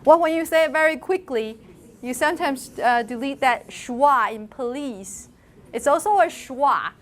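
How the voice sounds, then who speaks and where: Middle-aged lecturer, female, high voice, lively, models sounds for her students. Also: unhurried. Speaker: university lecturer. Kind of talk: classroom lecture on phonology. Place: lecture classroom.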